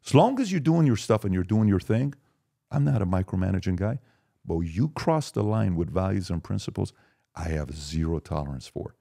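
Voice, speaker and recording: Emphatic man in his forties, mellow voice. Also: deep voice, normal speed, vocal fry. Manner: emphatic, lively storytelling. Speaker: podcast guest. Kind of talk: casual conversation.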